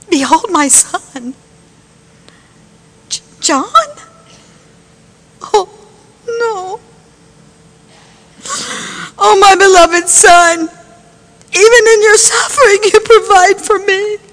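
A woman's voice: extremely high pitch, slow pace, long pauses, fairly bright tone, full character voice. A woman playing Mary, the grieving mother at her son's crucifixion, in a church passion play, weeping and pleading. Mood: tender grief. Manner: weeping, pleading, breaking into cries.

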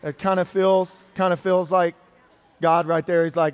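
A man preaching a sermon, reading scripture aloud and then talking to his congregation in an animated way, swinging between loud passages and soft ones. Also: sits high, moderate pace, clean tone, muffled recording. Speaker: pastor.

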